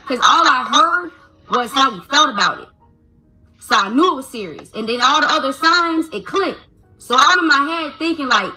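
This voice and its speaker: A woman tells a story about her child with raw emotion, her voice bright and forward and pitched a little high. She stammers and repeats herself while replaying conversations, with faint music behind her. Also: lively intonation, fairly quick. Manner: stammering, retells dialogue. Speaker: mother telling her story.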